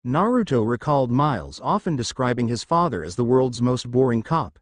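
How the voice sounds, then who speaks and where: A man reading a fan fiction story aloud in an expressive storytelling manner. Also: mid-range voice, a little fast, no echo. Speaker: narrator.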